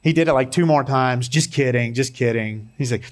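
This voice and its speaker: A man's voice: mid-range voice, fairly quick. Man preaching a conversational sermon. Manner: conversational preaching with personal stories and humor. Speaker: pastor.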